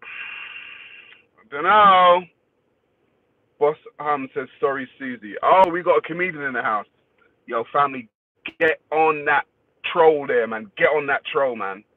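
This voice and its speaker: This man speaks at a fairly high pitch and a moderate pace while hosting a casual livestream. He greets viewers by name, reads out their comments, and swears freely. The recording is dry, with a thin, phone-like sound.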